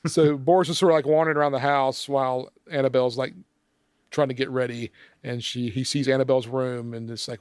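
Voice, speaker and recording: A man's voice: medium pitch, steady tone, brisk, a little mellow, no room sound, clean studio sound. A man recapping a movie scene by scene from his notes in a casual podcast chat, laughing often. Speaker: film discussion podcast member.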